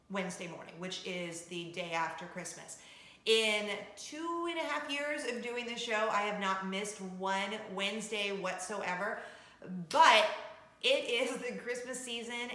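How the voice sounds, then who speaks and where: Bright-voiced chatty woman vlogger. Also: mid-range voice. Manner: chatty and upbeat, laughs often. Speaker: vlog host, former radio host. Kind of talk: casual chat to camera. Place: home kitchen. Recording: roomy echo.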